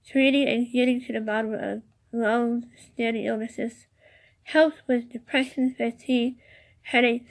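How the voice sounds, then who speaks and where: A woman hosting a casual solo podcast, reading out notes haltingly with many fillers and cheerful asides. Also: on the high side. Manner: enthusiastic, chatty asides. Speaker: podcast host.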